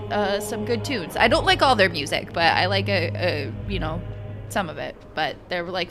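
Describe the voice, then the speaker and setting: A woman gaming streamer chatting in a rambling, talkative way during a let's play. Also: medium pitch. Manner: chatty, rambling, laughing asides.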